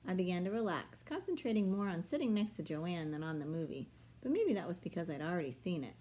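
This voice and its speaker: A woman reading a children's novel aloud with a low-set voice. She tells the story steadily, switching into the children's voices for dialogue. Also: very animated, fast talker, warm tone. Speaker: reader.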